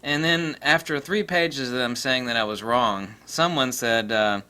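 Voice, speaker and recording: A man's voice: medium pitch, moderate pace, sharp tone, clean tone. A man ranting casually to camera as a camera vlogger, rambling and boastful with lots of fillers.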